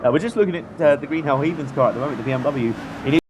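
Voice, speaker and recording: A man's voice: fairly high pitch, rapid-fire, background noise. A man commentating a long endurance sim race in a chatty, rambling way, laughing often. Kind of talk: live sim-racing commentary.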